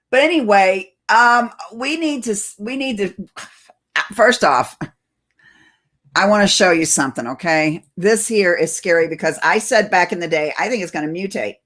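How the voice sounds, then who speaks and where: A woman's voice: fairly low pitch, fairly bright tone. A woman host talking casually to her viewers in a rambling, chatty way, often laughing. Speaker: channel host.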